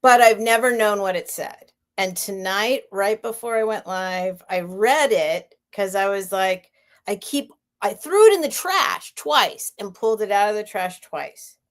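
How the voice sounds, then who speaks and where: Hosting a vintage sale on a live stream, a woman chats casually, rambling, laughing, and interrupting herself, and she is near tears. Her medium-pitched voice runs a little slow.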